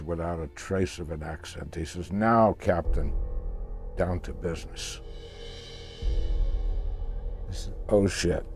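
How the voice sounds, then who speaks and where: Older man, casual storyteller, mellow tone, halting delivery. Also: low voice. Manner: halting, repeats words when searching for them. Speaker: interviewee recounting a past voyage.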